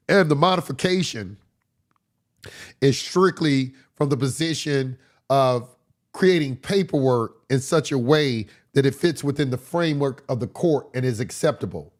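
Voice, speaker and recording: A man giving a casual livestream lecture as a course instructor, blunt and profane, his voice hoarse from a cold. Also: medium pitch.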